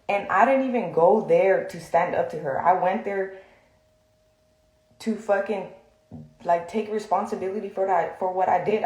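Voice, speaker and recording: A woman's voice: mid-range voice, a little mellow, echoey room, low-quality recording. A woman venting heatedly on a livestream, confrontational and full of fillers, recorded on a phone in a room.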